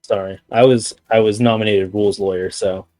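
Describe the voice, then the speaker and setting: A man's voice: lowish voice, fairly even intonation, a little fast, darkish tone, no echo. A man playing a tabletop game, reading out the rules and joking about being the rules lawyer. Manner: reads out rules, self-deprecating. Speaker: player.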